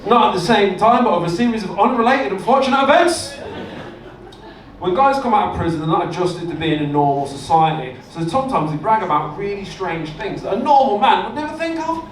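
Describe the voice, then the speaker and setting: A man doing a stand-up comedy set, telling stories deadpan with punchlines on a club stage. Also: high voice, fairly quick. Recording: echoey club, distant mic, room noise.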